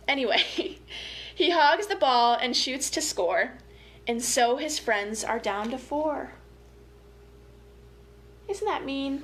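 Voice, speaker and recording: A young woman family educator reading a picture book aloud to children, with gentle, playful, chatty asides to her young listeners. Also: sits high, slight background noise.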